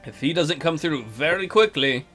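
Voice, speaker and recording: A man's voice: fairly high pitch, lively intonation, moderate pace, a bit bright, faint music behind. A man hosting a strategy game let's play with casual, crude, joking commentary.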